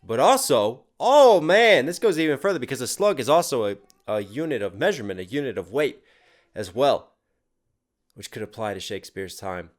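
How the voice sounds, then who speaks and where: A man with a mid-pitched voice hosts a casual music reaction, talking in a hyped, animated way. He picks apart lyrics line by line with the ease of a rapper talking shop. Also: brisk.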